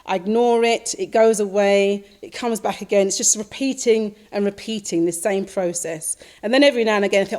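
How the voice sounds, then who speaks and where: A woman Buddhist teacher giving a dharma talk, slowly recounting a dream in a reflective, repetitive way with soft fillers. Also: medium pitch.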